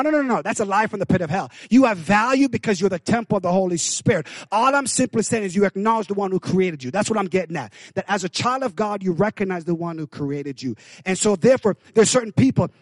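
Pastor, male, higher voice, preaching with call-outs to the room. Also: no room sound. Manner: swings from hushed to loud. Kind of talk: sermon.

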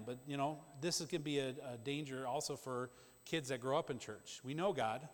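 Emphatic male preacher, echoing church hall. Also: mid-range voice. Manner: conversational, emphatic preaching with quick asides. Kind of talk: sermon. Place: church sanctuary. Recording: long church-hall reverb.

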